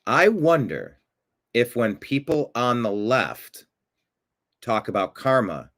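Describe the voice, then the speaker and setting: A man hosting a profane political rant, swinging from low mutters to loud outbursts. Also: big pitch swings, slow. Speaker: political commentary host.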